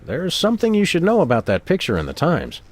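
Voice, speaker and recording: An actor playing a dry, deadpan dog detective who speaks politely in a game. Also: male voice, on the high side, fast.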